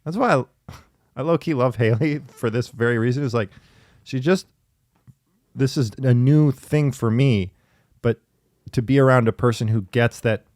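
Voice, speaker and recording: A man in casual conversation, telling stories in a chatty, lively way with laughing asides. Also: mid-range voice, moderate pace, pauses often, no room sound, studio quality. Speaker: podcast guest in therapy talk. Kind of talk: casual storytelling.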